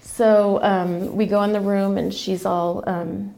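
A woman's voice: mid-range voice, little pitch movement, slow, vocal fry, warm tone. A woman telling a personal family story in a casual, emotional, rambling way with many restarts. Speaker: guest sharing a family story.

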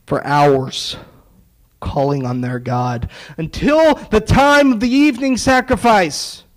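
A man's voice: high voice, takes it slowly, rough recording. A man preaching a sermon, retelling a story with acted-out dialogue and sarcastic asides.

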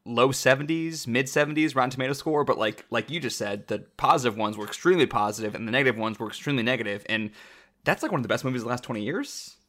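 A man argues his movie opinions at a quick clip on a casual podcast. His voice is bright and forward. He leans on his words with emphatic certainty. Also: medium pitch, animated. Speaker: podcast co-host. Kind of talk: casual film chat.

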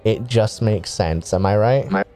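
A man's voice: on the low side, unhurried, dark tone, faint music behind. A man running a tabletop game as game master, rambling casually, swearing freely and laughing often.

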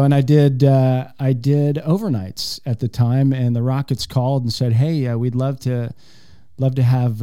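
A man's voice: medium pitch, mellow, clear, resonant tone, no echo, studio quality. A middle-aged man, a guest and events director with a radio background, telling stories in an upbeat way. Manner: upbeat storytelling, former radio voice. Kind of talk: casual interview.

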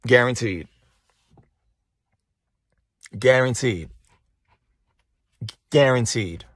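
A man hosting a motivational podcast delivers a casual monologue into the phone he's holding, speaking emphatically, swearing, and repeating phrases to hammer his points home. His voice is mid-range, he draws out his words, and there's no echo.

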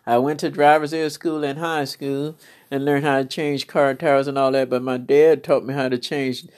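A woman's voice: rumbling low, little pitch movement, moderate pace, darkish tone. A woman minister telling stories from church life in a fervent, storytelling testimony, exclaiming praise now and then.

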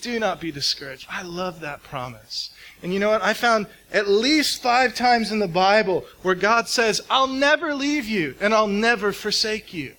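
A man preaching a sermon in an earnest way, dropping softly on intimate words and speeding up as he tells stories. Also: high voice, lively intonation, moderate pace, hardly any pauses, low-quality recording. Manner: earnest, speeds up when telling stories, drops to soft intimate tones.

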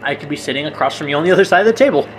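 A man's voice: on the high side, animated, racing. A young man co-hosting a casual podcast with his brother, musing through ideas with many fillers and restarts. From Hispanic family, grew up in the US. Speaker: podcast co-host. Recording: noisy home recording.

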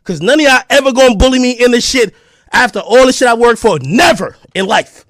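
High-voiced man in an angry rant. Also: a little fast, dry recording, studio quality. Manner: aggressive, profane, taunting, often shouting. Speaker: podcaster. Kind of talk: heated callout rant to camera.

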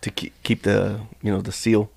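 A man in casual chat, giving matter-of-fact tips in a low-key way. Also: flat delivery, normal speed, vocal fry, darkish tone, husky.

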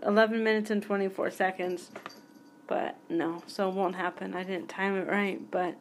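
A woman's voice: medium pitch, flat delivery, moderate pace, a little hiss or hum. A woman in her forties hosting her own podcast, chatting in a goofy, rambling way and jumping from topic to topic. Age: 40s. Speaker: podcast host. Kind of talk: rambling solo podcast chat.

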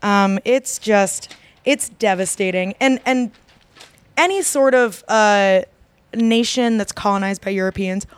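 Chatty woman with a smooth voice. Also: mid-range voice, measured pace, no echo. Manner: rambling, many fillers and restarts. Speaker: podcast co-host. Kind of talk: casual chat.

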